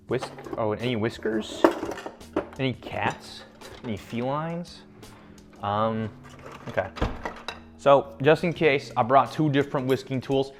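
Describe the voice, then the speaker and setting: A man's voice: mid-range voice, slow, pauses often, music in the background. A young man hosting a casual cooking vlog from his home kitchen, rambling and cracking self-mocking jokes as he works. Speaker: home cook vlogger.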